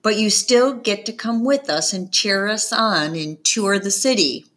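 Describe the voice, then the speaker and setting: A woman reading a storybook aloud, voicing an excitable male schoolteacher with a slow, theatrical delivery. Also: medium pitch, lightly acted. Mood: eager.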